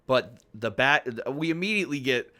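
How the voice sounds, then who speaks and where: A man with a bright, forward voice chats casually as a podcast co-host. He gets enthusiastic, retells scenes with gusto and swears without a second thought. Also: mid-range voice, expressive, normal speed.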